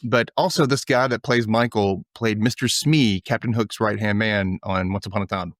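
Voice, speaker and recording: A man's voice: lowish voice, normal speed, dry recording, studio quality. A man hosting a podcast, talking through a show in an enthusiastic, casual way. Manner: animated, enthusiastic chatter. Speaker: podcast host. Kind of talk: casual recap chat.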